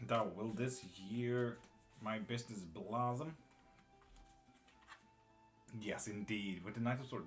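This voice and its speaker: Guy doing a live tarot stream, lowish voice, blunt and casual, faint music behind. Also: slow pace, pauses often. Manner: casual and blunt, swears, greets viewers by name.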